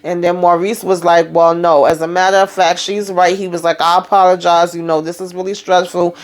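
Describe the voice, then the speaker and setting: A woman's voice: on the low side, level tone, fairly quick. A woman hosting a casual TV recap, chatting loosely through the scenes and acting out the characters' lines as she retells them. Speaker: TV show recap host.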